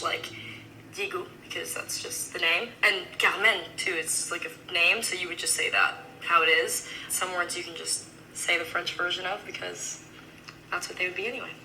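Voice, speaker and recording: A woman chatting in a relaxed way about how words sound, with lots of "like"s. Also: lowish voice, a little hiss or hum, low-quality recording. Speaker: interviewee. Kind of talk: casual chat explaining words.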